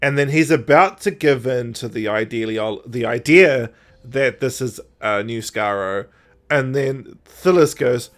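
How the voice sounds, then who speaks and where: A man co-hosting a podcast, casually recapping an audio drama and acting out the characters' lines with big jumps in pitch and loudness. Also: lively intonation, a little slow. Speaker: podcast co-host.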